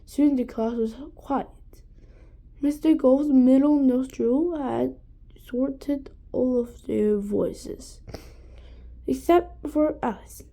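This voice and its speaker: Slow, mellow woman reading a storybook. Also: high voice, vocal fry. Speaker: reader. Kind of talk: reading a children's chapter book aloud.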